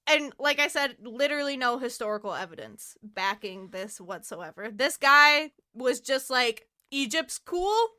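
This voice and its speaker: A woman's voice: on the high side, animated, moderate pace, hardly any pauses, pushed and bright, no room sound, clean studio sound. A young woman co-hosting a podcast, chatting casually, laughing often and swearing freely. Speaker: podcast co-host. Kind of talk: casual chat.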